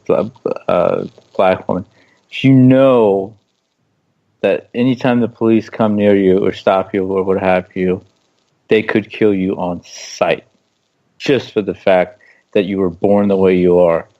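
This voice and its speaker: Impassioned man on lo-fi audio. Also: low voice. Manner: impassioned, argumentative, repeats phrases for emphasis. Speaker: co-host. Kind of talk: casual political discussion. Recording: dull lo-fi stream audio.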